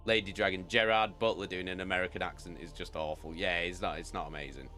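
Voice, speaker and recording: A man's voice: deep voice, steady tone, fast, bright, forceful tone, faint music behind. A British man chatting casually with viewers as a streamer, rambling and swearing freely. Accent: British English. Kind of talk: casual chat.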